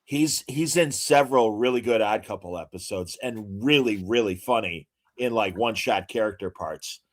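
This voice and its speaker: A man's voice: lowish voice, moderate pace. A man co-hosting a podcast, chatting casually and reeling off trivia with many filler words. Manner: enthusiastic, trivia-heavy, lots of fillers. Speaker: podcast co-host. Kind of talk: casual chat.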